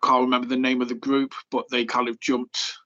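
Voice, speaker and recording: A man co-hosting a casual podcast chat, rambling along with lots of "um" and "uh". His pitch sits in a medium range. The recording sounds slightly dull and lo-fi. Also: flat delivery, fast, bright, forceful tone. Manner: rambling, filler-heavy, chatty. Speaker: podcast co-host.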